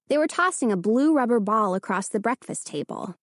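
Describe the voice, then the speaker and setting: A woman narrating a children's storybook in an expressive storytelling manner. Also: on the high side, a little fast, hardly any pauses, no echo, studio quality. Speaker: audiobook narrator. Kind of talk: scripted narration.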